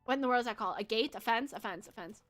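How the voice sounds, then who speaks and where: A woman's voice: a little high, very fast, a bit bright, faint music behind. A young American woman streaming a game, chatting with viewers in a bubbly way and giggling often. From United States. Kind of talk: casual live-stream chat while gaming.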